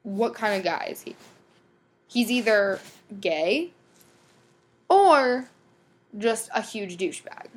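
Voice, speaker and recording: A woman's voice: mid-range voice, lively intonation, takes it slowly, long pauses. Blunt, sweary young woman rambling. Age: young adult. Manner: filler-heavy, many ums and likes. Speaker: podcast host. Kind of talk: casual solo podcast chat.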